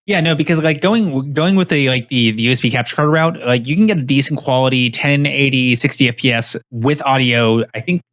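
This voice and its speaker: A man hosts a relaxed tech podcast chat, his voice close and dry on the mic. He talks in quick bursts, circling back with restarts and fillers as he works through prices and hardware. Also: medium pitch, dry recording. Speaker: podcast host.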